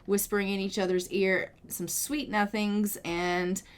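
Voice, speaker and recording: Donna giovane, commento casual di gameplay, loquace ed entusiasta, tono medio, parla pensando ad alta voce. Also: female voice, medium pitch, little pitch movement, unhurried. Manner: chatty, gushing, thinks out loud. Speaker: gaming video creator. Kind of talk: casual let's-play commentary.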